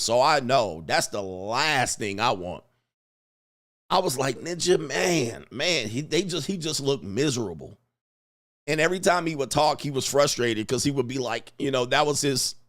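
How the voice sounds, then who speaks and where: Animated slangy man hosting a livestream. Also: mid-range voice, measured pace. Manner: animated, laughing, slangy, reads chat aloud. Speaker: livestream host. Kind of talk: casual livestream storytelling.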